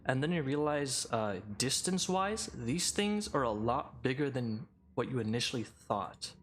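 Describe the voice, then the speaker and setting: A man narrating a tabletop game as game master, unhurried, with many fillers and restarts. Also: medium pitch, very animated, fairly bright tone, a little hiss or hum.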